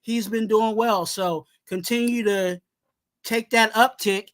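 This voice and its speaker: A man hosting a casual sports podcast who talks in an animated way, leans on "you know what I'm saying", and breaks into shouted rants. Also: high voice, takes it slowly. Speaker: podcast host.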